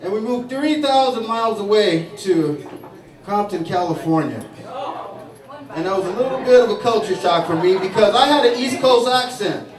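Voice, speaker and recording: A man working a saloon stage as a stand-up comic, rambling through his stories with fillers and restarts. His voice sits fairly high. The recording is distant and echoey, with a crowd audible around him. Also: expressive, moderate pace. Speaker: stand-up comedian. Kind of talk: stand-up routine. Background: audience laughing.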